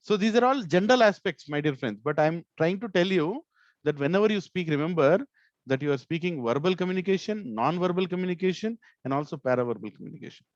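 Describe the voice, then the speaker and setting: A man's voice: high-pitched, lively intonation, fast talker, no echo, highs cut off. A male corporate trainer teaching an online session, often checking in with "right?" and stressing words to make his points. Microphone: video call.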